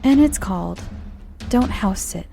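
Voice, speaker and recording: An American woman hosting a podcast and narrating horror stories in a soft, friendly way that sometimes dips into whispers. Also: mid-range voice, expressive, unhurried, vocal fry, faint music behind. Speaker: host and storyteller. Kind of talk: calm horror story narration.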